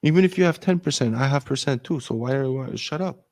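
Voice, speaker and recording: A man's voice: mid-range voice, quick pace, darkish tone. A man ranting in casual chat, swearing heavily. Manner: profane, ranting.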